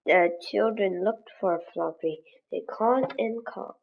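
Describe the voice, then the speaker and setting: A woman's voice: medium pitch, measured pace, gravelly, dull audio. A woman reading a graded children's story aloud for English learners, with careful, evenly paced delivery. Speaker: English lesson reader.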